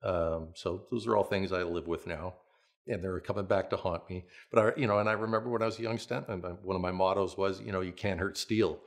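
A man in his sixties, a veteran stunt performer, telling anecdotes in an interview with a relaxed manner, frequent restarts and little chuckles. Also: low voice, brisk. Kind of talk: interview storytelling.

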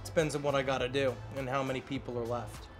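Thirty-something dude rambling through silly bits, faint music behind him. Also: male voice, mid-range voice, level tone, quick pace. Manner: rambling, jokey, slips into silly put-on voices. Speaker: guest. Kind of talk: comedic casual chat.

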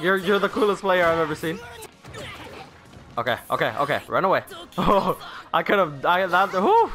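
A high, animated young man commentating his own fighting-game match, jeering at opponents and laughing at his own mistakes. His voice is bright and jumps around a lot. Game music plays faintly underneath. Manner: trash-talking, laughing, swearing at opponents. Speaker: gaming YouTuber. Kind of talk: casual gameplay commentary.

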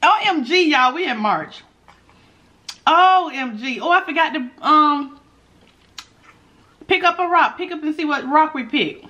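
A woman's voice: high-pitched, expressive, a little slow, long pauses, bright, forceful tone. A woman vlogger in casual mukbang chat while eating, talking straight to her viewers with playful asides and hums. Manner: chatty, talks straight to viewers as y'all. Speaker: food vlogger.

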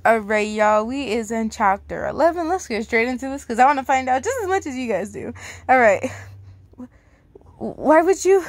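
A woman reading a fan fiction aloud to her audience, casual and outspoken, reacting loudly and swearing. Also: on the high side, expressive, normal speed, dry recording. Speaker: story reader.

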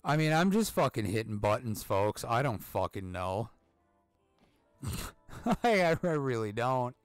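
A man's voice: mid-range voice, sing-song, slow, clean tone, dry recording, soft background music. A middle-aged man commenting on his gameplay in a profane, sarcastic way, and laughing at his own jokes. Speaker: let's-play streamer.

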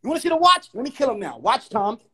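Brief: high, husky-voiced man, brash livestream bragger, repeats boasts fast. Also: huge pitch swings. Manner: loud, boastful, trash-talking, repeats himself. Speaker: live stream guest.

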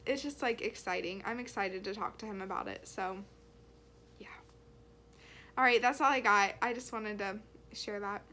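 A woman's voice: mid-range voice, moderate pace, long pauses, sharp tone. A young woman talking casually to her camera, earnest and rambling, with lots of likes and ums. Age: young adult. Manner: earnest, rambling, many fillers. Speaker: vlogger. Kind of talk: casual faith vlog.

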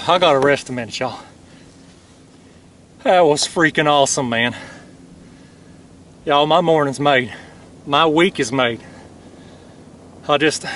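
Excitable man on a kayak. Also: fairly high pitch, background noise. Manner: excitable, exclaiming, drawn-out words. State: out of breath. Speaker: fishing channel host. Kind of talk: excited outdoor vlog. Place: kayak on a lake outdoors.

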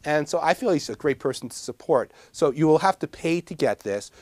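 A man's voice: fairly high pitch, lively intonation, fairly quick, darkish tone, dry recording. A man from Long Island with a New York accent, teaching herbal first aid in a casual, digressive filmed lecture with self-deprecating asides. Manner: gestures a lot while talking.

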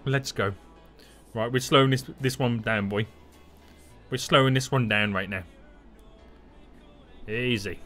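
A man giving playful, excitable live gameplay commentary and chatting with his viewers. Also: mid-range voice. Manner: excitable and playful, hums and exclaims. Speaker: gaming streamer.

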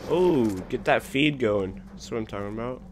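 A young man giving casual commentary over his own gameplay, excitable and trash-talking, swinging between low mumbles and sudden shouts. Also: normal speed, slight background noise. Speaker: gaming channel host.

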